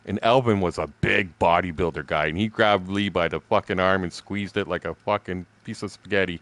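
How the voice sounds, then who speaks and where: A man in his sixties rambles casually through stories while he streams a game. His voice sits a little low and sounds dry and close, with no room around it. He is blunt and swears freely, with bursts of laughter between remarks. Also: brisk, hardly any pauses, a bit bright, no echo. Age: 60s. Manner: blunt, heavily profane.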